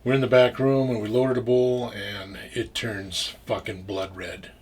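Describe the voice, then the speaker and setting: Low-voiced man telling a rambling story. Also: little pitch movement, measured pace, darkish tone, husky. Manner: rambling, full of restarts and swearing. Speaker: interview guest. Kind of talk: casual storytelling.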